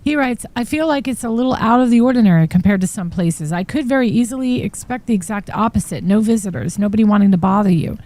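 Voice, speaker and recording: A woman hosts a true crime live stream, reading text messages aloud and breaking in with shocked remarks. Her voice is mellow and warm, at a middle pitch. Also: animated, fast, few pauses, no room sound. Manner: reads texts aloud with shocked asides. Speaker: true crime podcast host. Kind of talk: live-stream commentary reading trial exhibits.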